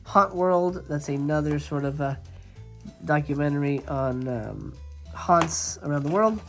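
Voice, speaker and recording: A man's voice: on the high side, expressive, measured pace, fairly bright tone, soft background music. A man hosting a casual video tour of his movie collection, talking enthusiastically and rambling with lots of fillers and restarts. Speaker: YouTube host. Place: home movie room.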